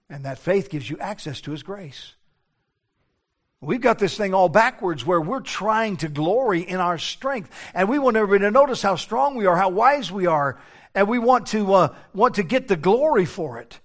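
An older man, a pastor, preaching a sermon earnestly, moving between hushed low passages and raised urgent ones. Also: lively intonation, moderate pace.

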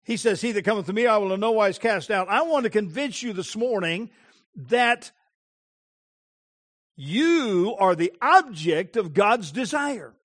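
A male preacher giving an impassioned sermon, with emphatic phrasing and dramatic pauses. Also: high voice, animated, fairly bright tone.

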